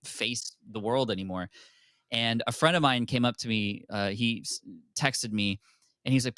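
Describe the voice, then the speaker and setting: A man as a podcast guest, telling a personal story openly and candidly, with quick restarts. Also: medium pitch, a bit bright, clear, resonant tone, no echo, clean studio sound. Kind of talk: casual interview storytelling.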